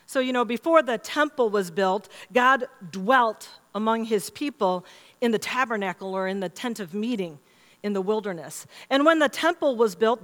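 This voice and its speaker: A woman pastor preaching a sermon in a church, her fairly high voice carrying a long reverb through the big sanctuary. She is middle-aged and tells stories warmly, slipping into quoted voices to bring them to life. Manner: storytelling, animated quoting of others. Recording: long reverb in a large hall.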